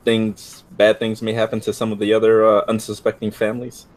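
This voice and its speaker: Deep-voiced halting male player. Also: monotone. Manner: halting, many fillers. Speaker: player as a cleric. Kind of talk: tabletop role-play.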